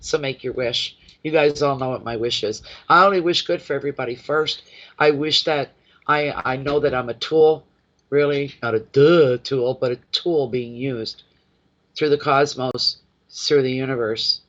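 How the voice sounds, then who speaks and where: A man's voice: medium pitch, normal speed, bright, forceful tone. Effusive male tarot reader, lo-fi sound. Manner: effusive and emotional, chats with viewers by name. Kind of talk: live-stream tarot reading and chat. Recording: dull lo-fi sound.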